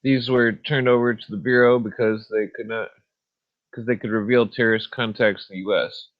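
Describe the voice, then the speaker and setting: A man's voice: fairly low pitch, fairly even intonation, moderate pace, lo-fi sound. A man hosting a podcast in a laid-back, rambling way, chuckling and trailing off with fillers, then reading aloud from a book. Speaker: podcast host.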